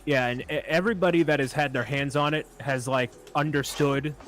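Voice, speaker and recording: A man's voice: medium pitch, steady tone, fairly quick, fairly bright tone. A man joining a live stream as a guest, chatting easily and reading out viewer questions. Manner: easygoing, reads chat questions aloud. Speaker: guest co-host. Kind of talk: casual live-stream chat.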